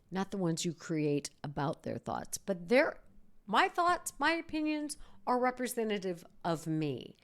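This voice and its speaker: A middle-aged woman hosting a podcast, talking casually and acting out worried inner voices. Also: lowish voice. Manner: animated, acts out inner voices. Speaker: podcast host, psychologist.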